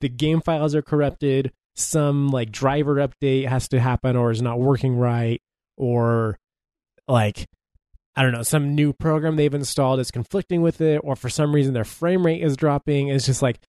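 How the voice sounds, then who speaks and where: A man's voice: mid-range voice, fairly even intonation, moderate pace, a little mellow, no echo. Man, podcast co-host, casual chat, wry, lots of ums, dry close recording. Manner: wry, explains at length with many fillers.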